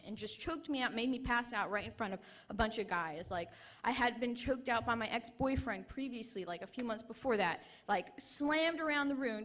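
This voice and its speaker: A young woman veteran gives her testimony to a conference audience. Her voice sits a little high, and she speaks emotionally, breaking off and restarting her sentences again and again. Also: a bit bright. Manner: emotional, halting, with many restarts and fillers. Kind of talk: personal testimony.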